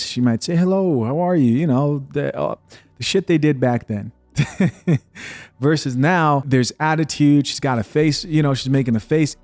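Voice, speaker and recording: Male podcast host, mid-pitch, blunt casual commentary, faint music underneath. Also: a little mellow, dry recording. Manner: blunt, opinionated, casual with asides. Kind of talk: commentary on video clips and comments.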